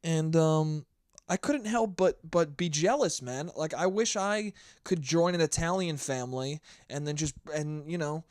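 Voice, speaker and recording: A man's voice: on the high side, unhurried, a little mellow, no echo. A hungover young man hosting a solo podcast, rambling and swearing freely, scatterbrained. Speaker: podcast host. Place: New York.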